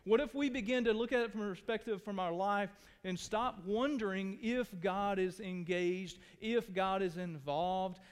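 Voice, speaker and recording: A pastor preaching a sermon to his church, earnest, dropping to hushed tones and rising to pleading. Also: sits high, normal speed, few pauses, smooth. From Texas. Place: church sanctuary. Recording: long hall reverb.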